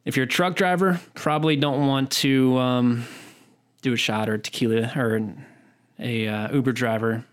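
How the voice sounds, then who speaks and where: This podcast co-host, a man in his thirties, keeps a steady tone at medium pitch. On the casual chat show he rambles, often breaking off sentences and starting over.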